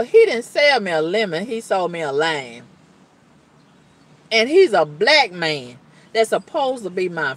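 Emphatic woman venting with a lively pitch. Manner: emphatic, exasperated storytelling with repeated exclamations; colloquial, blunt talk with cussing. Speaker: vlogger. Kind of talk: venting monologue to camera.

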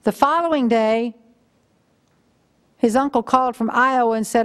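A woman's voice: on the high side, a little slow, long pauses. An older woman preaching a sermon in a conversational, storytelling way. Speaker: guest preacher.

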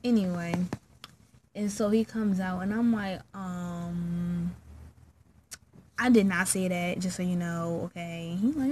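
A young woman vlogger casually telling a story from childhood, acting out the people in it with sudden high squeaky voices. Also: measured pace, a little hiss or hum. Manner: animated, acts out her own and friends' lines in squeaky high voices.

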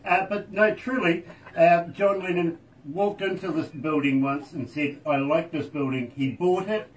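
A jokey male radio host chatting in a studio, his voice sitting a little higher than most men's. He sounds slightly set back from the microphone, laughing easily between lines. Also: measured pace, distant mic, a little hiss or hum, poor audio. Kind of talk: casual radio interview.

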